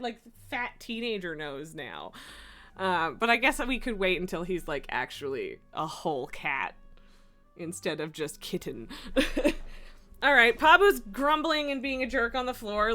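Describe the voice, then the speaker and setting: A woman's voice: on the high side, pushed and bright. A woman streaming from home, chatting casually and cooing baby talk at her cats. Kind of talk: casual live-stream chat. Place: home room.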